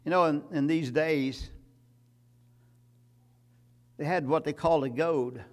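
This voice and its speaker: A man preaching a sermon, emphatic, building to loud repeated climaxes. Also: fairly high pitch.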